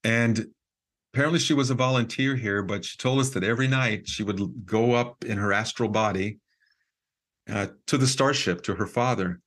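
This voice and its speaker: Low-voiced man telling a story. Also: normal speed. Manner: lively storyteller with frequent fillers and quoted dialogue. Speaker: podcast guest. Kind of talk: casual storytelling.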